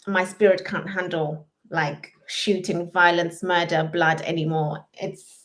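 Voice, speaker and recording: A woman's voice: on the low side, flat delivery, measured pace, a bit bright. A British woman co-hosting a live chat stream, chatty and reading out viewer comments. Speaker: livestream co-host.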